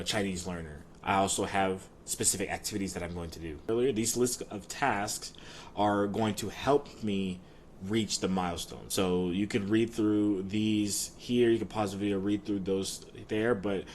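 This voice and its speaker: A man's voice: fairly low pitch, slight background noise. A man casually explaining his language study plan and pronunciation practice to viewers, with chatty filler ums. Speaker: language learner vlogger.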